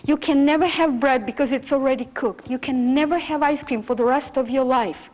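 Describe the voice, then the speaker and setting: A Russian woman quoting a calm, sure raw-food mentor. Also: sits high, quick pace, close to an everyday voice. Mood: assured.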